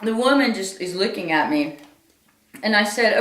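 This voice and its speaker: A woman's voice: medium pitch, animated, normal speed, pauses often, a bit bright. A woman doing a stand-up storytelling monologue, emphatic, repeating phrases for effect. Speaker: comedian. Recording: roomy echo from a distant mic.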